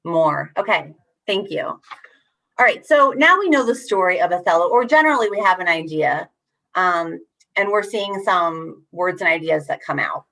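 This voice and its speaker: A young woman with a slightly low voice guides a group of teachers through an online workshop. She talks in an encouraging, animated way, leaning hard on key words as she rereads lines. Her voice comes through a video call. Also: normal speed, creaky. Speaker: workshop facilitator.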